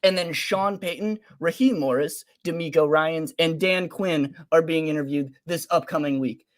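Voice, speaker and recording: A young man co-hosting a sports podcast, talking casually and ranting with loud emphasis and swearing. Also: on the high side, normal speed. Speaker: podcast co-host.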